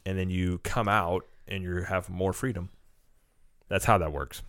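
A man co-hosting a casual chat, joking in a deadpan way. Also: low voice, measured pace, no echo, clean studio sound. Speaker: podcast co-host.

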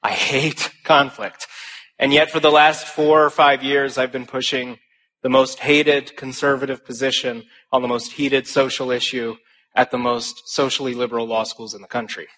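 A young man gives a speech to an audience, telling stories with earnest emphasis, emphatic rhetorical phrasing and flashes of humor. His voice is medium-pitched and fairly bright, with a level tone and moderate pace.

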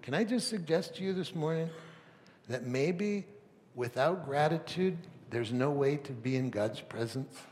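A man preaching a sermon as pastor, swinging from loud emphatic peaks to soft near-whispers, with rhetorical questions and stammered restarts. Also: a little high, animated, unhurried, a little hiss or hum. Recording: long reverb of a large hall.

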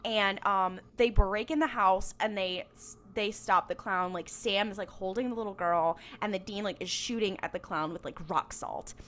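A woman's voice: mid-range voice, normal speed, fairly bright tone, a little hiss or hum. A woman co-hosting a podcast, retelling a TV episode in a rambling way, full of fillers and quoted bits. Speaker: podcast co-host. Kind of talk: casual chat recapping a TV episode.

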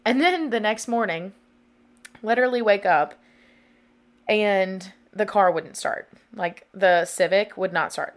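A young woman in her twenties chats on her podcast in a loose, rambling way, filling her sentences with "like". She talks openly and emotionally, at a middle pitch for a woman. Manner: rambling, many "like" fillers, open and emotional. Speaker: podcast host. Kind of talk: casual confessional chat.

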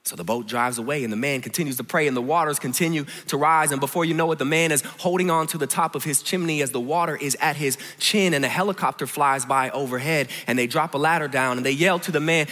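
High-voiced, bright male preacher in a hall. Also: lively intonation, fast talker. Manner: storytelling preacher, swings from hushed to emphatic. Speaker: pastor. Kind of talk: sermon. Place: large church hall.

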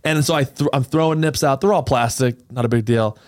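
A male podcast host recounting stories with lively, laughing energy. His voice sits at an ordinary middle pitch. The recording is close and dry. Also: a little fast, dry recording. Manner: animated, laughing storyteller. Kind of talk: casual storytelling chat.

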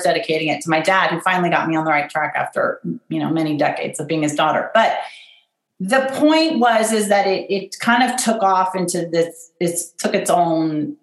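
A middle-aged woman, a guest who runs an event business, telling her story in a candid, self-deprecating and animated way. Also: fairly low pitch. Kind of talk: personal storytelling in conversation. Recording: roomy echo.

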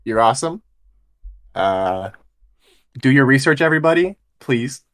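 A man's voice: medium pitch, expressive, measured pace, a bit bright. A man co-hosting a podcast, chatting casually with short, laid-back reactions. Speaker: podcast co-host. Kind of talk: casual chat.

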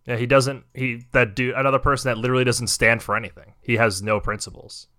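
A man's voice: mid-range voice, steady tone, fast talker, sharp tone. A young man hosting a podcast, ranting in heated, profane casual chat. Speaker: podcast host.

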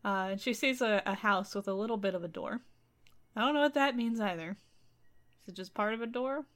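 A woman's voice: medium pitch, fairly quick, fairly bright tone. A woman co-host casually retelling a folk tale, with wry, sarcastic asides. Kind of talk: casual comedic storytelling.

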